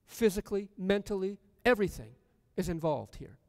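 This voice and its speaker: A man's voice: sits high, sing-song, fairly quick, creaky, dry recording, clean studio sound, big-room sound. A man preaching a sermon in a church, repeating lines with building emphasis. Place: church sanctuary.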